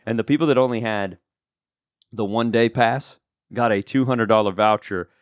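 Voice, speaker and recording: A man's voice: lowish voice, moderate pace, no room sound. A man co-hosting a casual podcast chat, rambling with lots of asides and fillers. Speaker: podcast co-host.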